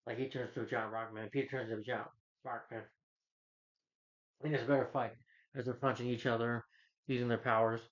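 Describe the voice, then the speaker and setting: Man, movie reviewer, rambling casual recap, filler-heavy, mid pitch, dull lo-fi recording. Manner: rambling, full of "like" and "you know".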